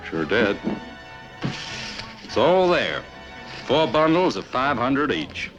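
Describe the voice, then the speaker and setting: A man's voice: medium pitch, big pitch swings, slow, fairly bright tone, lo-fi sound, faint music behind, voice pushed up. An actor putting on a Texan accent to play a brash, folksy male buyer with clipped, polite replies. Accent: Texan, put on.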